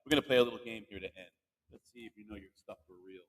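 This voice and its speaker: A man's voice: on the low side, racing, in a large hall. A man hosting a podcast with two children, quizzing them in a playful, teasing way and cheering them on. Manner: animated, teasing, cheering the kids on. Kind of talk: playful kids' quiz chat.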